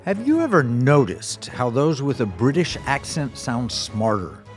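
A man's voice: mid-range voice, very animated, a little slow, soft background music. A male talk radio host with a mid-range voice. He sounds eager and upbeat as he reads passages aloud and brings in his guest. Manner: enthusiastic, reads quotes aloud. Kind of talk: radio talk show hosting.

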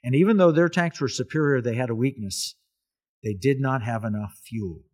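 A man's voice: mid-range voice, moderate pace, a little mellow, husky. A man hosting a talk show, telling a wartime story in an earnest, emphatic way with repeated phrases. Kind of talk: casual history talk.

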